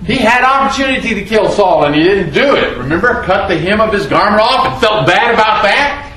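A man's voice: sits high, expressive, a little fast, sharp tone, roomy sound, rough recording. A man preaching a sermon, reading scripture dramatically and asking the audience rhetorical questions. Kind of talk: expository sermon.

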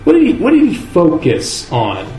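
A man preaching a sermon in a church, earnest and measured, leaning on key words with slow emphasis. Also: high voice, huge pitch swings, dark tone, a little hiss or hum. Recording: echoey room with faint ambience.

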